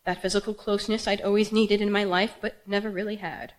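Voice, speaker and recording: A woman's voice: mid-range voice, little pitch movement, a little fast, poor audio. A young woman, a writer, performing her own raw and intense personal story live on a theater stage. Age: young adult. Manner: raw, intense, emotional delivery.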